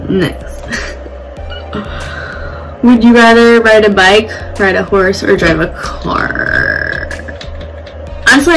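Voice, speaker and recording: A woman's voice: medium pitch, rough recording. Chatty, blunt young woman vlogger. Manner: chatty, blunt, swears casually. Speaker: beauty vlogger. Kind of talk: casual get-ready-with-me chat. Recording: music playing behind the voice. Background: music.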